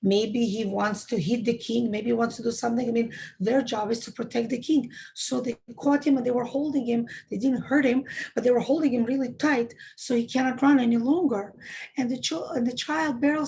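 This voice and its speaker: Rebbetzin lady telling a story to a women's class, gravelly, kinda high, really emphatic. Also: steady tone, fairly quick, darkish tone, slight background noise, rough recording. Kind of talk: storytelling talk.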